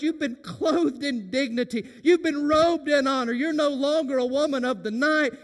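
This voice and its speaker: High-voiced preacher in a big hall. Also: male voice. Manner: impassioned preaching, swings from hushed to shouting. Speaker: senior pastor. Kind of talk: sermon. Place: church sanctuary during worship service. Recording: reverberant church sanctuary.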